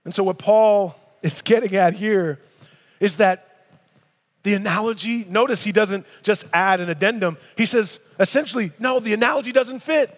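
A man's voice: high voice, normal speed. A man in his thirties preaching a sermon in a church, reading scripture and breaking into casual, emphatic asides. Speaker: pastor. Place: church sanctuary. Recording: long reverb of a large hall.

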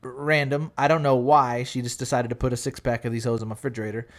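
A man hosting a podcast in casual banter, loud and joking with lots of swearing. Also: medium pitch, level tone, fast talker. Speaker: podcast host.

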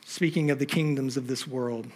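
A pastor preaching a sermon on a church stage, emphatic and fond of rhetorical questions to the congregation. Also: male voice, medium pitch, steady tone, moderate pace, a little mellow, husky.

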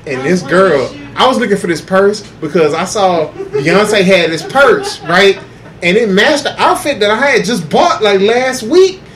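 A man's voice: high-pitched, expressive, a little slow, fairly bright tone. A man mimicking a chatty young woman who rambles through a story about a purse, full of fillers. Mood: rambling.

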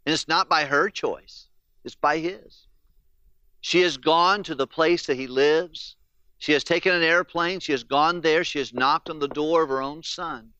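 A man preaching a sermon with a bright, smooth, resonant voice, telling stories earnestly and speaking the questions of grieving people in their own words. The sound is dry, with a slightly dull, muffled tone. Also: a little high, unhurried, no room sound. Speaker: pastor.

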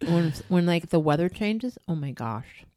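A woman's voice: lowish voice, expressive, unhurried, warm tone. A woman in her thirties co-hosting a podcast in casual, enthusiastic, teasing chat. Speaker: podcast co-host.

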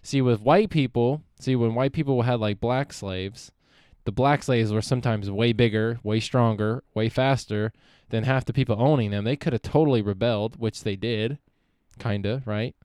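Young male podcast host, solo monologue: smooth, clean voice, dry close mic, meandering and profane. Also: medium pitch, normal speed, a little mellow, no room sound. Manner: profane, meandering, self-interrupting.

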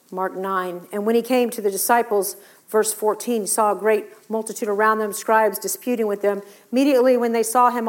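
Animated woman preaching a sermon. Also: mid-range voice. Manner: animated storytelling, acting out scripture voices.

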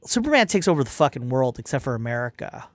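A man talks off the cuff in a loose, rambling rant, peppered with swearing and half-finished restarts. He sounds irritated and dismissive, at a middling pitch, recorded dry and close with no room sound. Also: big pitch swings, quick pace, no room sound. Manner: rambling, profane, full of fillers and restarts. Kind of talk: casual spoken review rant.

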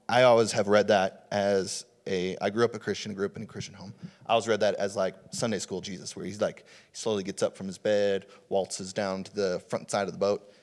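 Casual young male preacher. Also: fairly low pitch. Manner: conversational, casual preaching with many fillers. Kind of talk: sermon.

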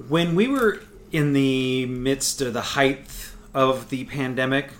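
Man co-host, loose rambling talker, average pitch, salty language. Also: slow. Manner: rambling, profane, restarts often. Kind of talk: casual chat.

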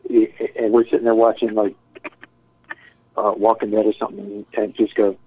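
Brief: male storyteller, lowish voice, rambling and profane, tinny dry recording. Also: little pitch movement, moderate pace, no echo. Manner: rambling, profane, says "dude" and "like" a lot. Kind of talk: casual chat. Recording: tinny phone-like sound, dry.

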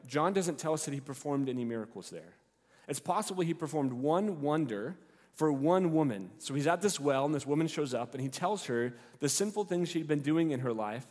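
Slightly high-voiced preacher in a reverberant hall. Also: male voice. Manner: expressive storytelling, acts out the characters' lines. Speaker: pastor. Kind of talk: sermon.

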